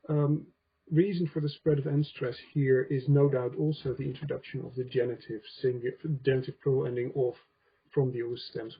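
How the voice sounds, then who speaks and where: A man with a Dutch accent giving an academic lecture to a conference, measured, with frequent ums and checking "right?" with the audience. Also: mid-range voice, creaky, slightly rough, highs cut off. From Netherlands. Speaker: conference speaker, linguist.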